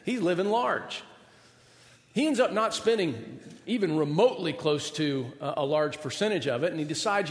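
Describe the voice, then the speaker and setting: A man preaching a sermon as pastor, telling a story in an animated way and acting out the people in it. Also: sits high, a little fast, big-room sound.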